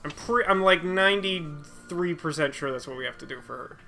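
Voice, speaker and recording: Man, let's-play co-host, rambling self-mocking banter; fairly high, very bright voice. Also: brisk, vocal fry, faint music behind. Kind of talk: casual gameplay commentary.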